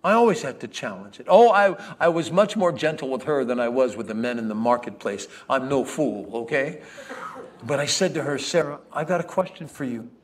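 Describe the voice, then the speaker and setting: A man's voice: medium pitch, expressive, moderate pace. A man delivering a dramatic first-person monologue as a biblical character, speaking directly to the congregation. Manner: storytelling, addresses the congregation directly. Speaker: preacher performing a biblical character.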